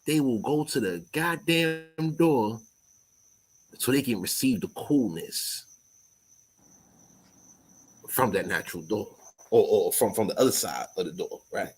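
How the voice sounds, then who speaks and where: A man's voice: fairly low pitch, animated, a little slow, pauses often, darkish tone, a little hiss or hum, low-quality recording. A man in his forties with a New York accent, talking in a loose, profane casual chat full of street slang.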